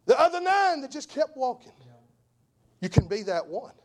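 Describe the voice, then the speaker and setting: A fiery male evangelist delivering a sermon in a high voice that leaps and dives all over. He drops to near-whispers, then builds to shouts, hammering key phrases again and again. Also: sing-song, moderate pace. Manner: impassioned, swings from hushed to shouting; repeats phrases for emphasis. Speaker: evangelist preacher.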